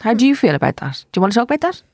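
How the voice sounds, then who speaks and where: A woman's voice: fairly high pitch, big pitch swings, rapid-fire, darkish tone, husky, dry recording, clean studio sound. A woman, an actor, chatting as a guest, teasing and playful, hopping from topic to topic. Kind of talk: casual chat.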